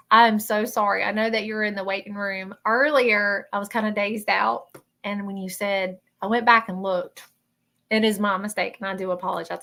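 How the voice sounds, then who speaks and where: A woman with a Southern accent, a spiritual medium hosting a livestream, soft-spoken and apologetic, talking over a video call. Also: mid-range voice, vocal fry. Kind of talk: livestreamed reading and chat.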